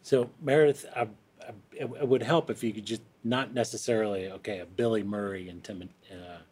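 A man hosting a casual interview, halting and searching for words as he asks questions. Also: on the low side, fairly even intonation, a little mellow, slightly rough.

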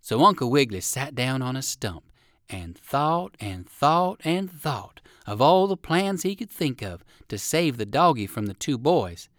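A man reading a children's storybook aloud with warm, expressive storytelling. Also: mid-range voice, a little slow, no room sound, studio quality. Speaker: reader. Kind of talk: storybook narration.

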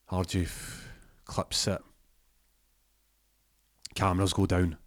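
A man tells a rambling comic story and keeps jumping into the voices of his characters. His voice sits very low. The sound is dry and close, with no room around it. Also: flat delivery, no room sound. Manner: rambling, acts out characters in quick bursts. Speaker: comedian telling a story.

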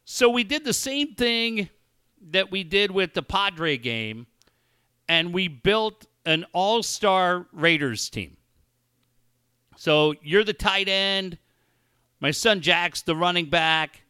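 A man's voice: sits high, takes it slowly, clear, resonant tone, no room sound, studio quality. A man in his forties hosting a talk show, telling stories in casual chat and acting out quoted dialogue. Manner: storytelling with animated quoted dialogue. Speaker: radio show host.

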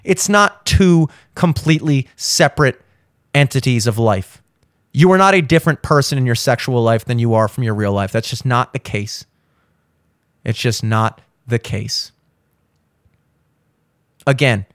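A man's voice: fairly high pitch, moderate pace, fairly bright tone, no echo, clean studio sound. A man hosting a show, ranting bluntly about relationships with heavy swearing and insistent repetition. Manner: insistent, repeats points for emphasis. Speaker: show host. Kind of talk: blunt opinion monologue.

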